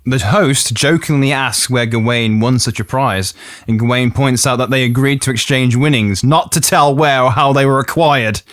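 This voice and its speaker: A man with an English Midlands accent, hosting a podcast and retelling a legend in a playful way, quick to laugh at his own jokes. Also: mid-range voice, fairly bright tone, no echo, clean studio sound. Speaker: podcast host.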